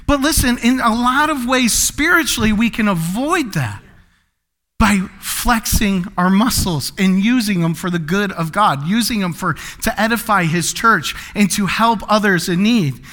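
A man's voice: high-pitched, a little slow, fairly bright tone. A man pastor preaching a sermon in a playful way, acting out comic voices and laughing often between points.

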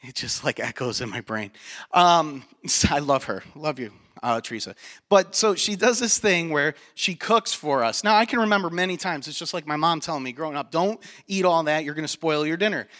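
A male pastor delivers a sermon in a high, bright, forceful voice. He is animated and jokey and tells stories straight to his congregation in a church. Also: moderate pace. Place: church sanctuary.

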